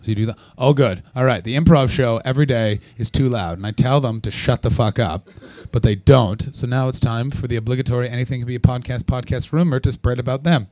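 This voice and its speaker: A young Canadian man doing live stand-up at a small festival venue, profane and sarcastic, riffing with the crowd and breaking into yelled punchlines. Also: medium pitch, a little fast, few pauses, no echo. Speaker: stand-up comedian.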